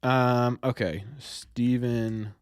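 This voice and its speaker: A young sports podcast host runs a casual live stream, rambling through viewers' questions and often stumbling over and repeating his words. His medium-pitched voice is fairly even, with drawn-out words and a clean tone, recorded in a clean studio with no room sound.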